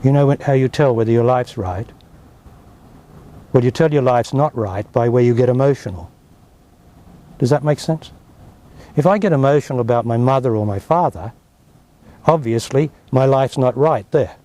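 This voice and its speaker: A man's voice: medium pitch, moderate pace, long pauses, dark tone. A man with an Australian accent, a spiritual teacher giving emphatic, blunt answers in an interview. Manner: emphatic, blunt, dismissive of objections.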